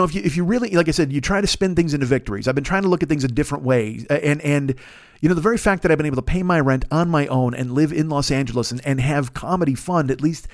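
A man's voice: a little high, no room sound. A man hosting a solo podcast, ranting in a profane, self-deprecating way into a close mic. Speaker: podcast host. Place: Los Angeles.

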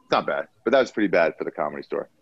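A man's voice: a bass voice, expressive, racing, gravelly, breathy edge, dry recording, lo-fi sound. A young man chatting on a podcast, telling profane stories and acting out the people he quotes. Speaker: comedian guest. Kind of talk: casual podcast chat.

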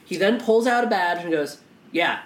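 A man with a high voice talks briskly as co-host of a casual podcast conversation. His delivery is intense, passionate, and full of swearing and frequent restarts, captured in an echoey room.

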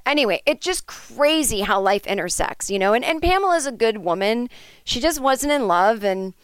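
A woman's voice: on the high side, animated, moderate pace, clean tone, no echo. A woman hosting a podcast, telling an improvised comic story in a rambling, chatty way with lots of fillers and asides. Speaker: podcast host.

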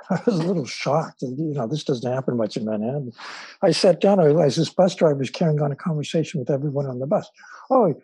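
Husky-voiced man telling stories. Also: a little high, dark tone, dry recording, poor audio. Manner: measured, with frequent fillers. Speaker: author and guest. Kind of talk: storytelling in an interview.

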